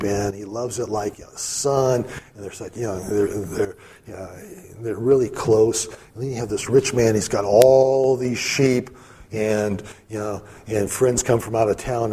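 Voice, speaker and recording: A man teaches from the Bible in a relaxed, conversational sermon, dropping in fillers and asides as he goes. His voice sits low and a bit husky. The tone is mellow and warm. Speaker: preacher.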